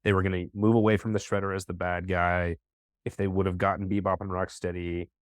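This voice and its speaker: A man's voice: deep voice, little pitch movement, fairly quick, clean tone, no room sound, clean studio sound. A man appearing as a podcast guest in casual chat, hesitant and heavy on fillers as he builds his argument.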